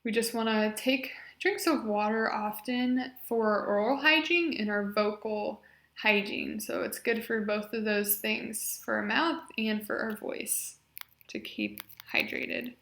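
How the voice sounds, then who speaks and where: A young woman leading a speech exercise class, encouraging and modeling loud, drawn-out vowels and short phrases. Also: on the high side, steady tone, gravelly, echoey room. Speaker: speech therapy exercise leader.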